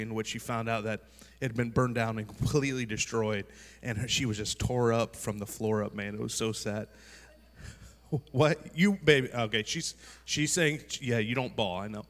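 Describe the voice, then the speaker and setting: Man, pastor, conversational sermon, medium pitch, long hall reverb. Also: normal speed. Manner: relaxed, conversational with many fillers. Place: large church hall.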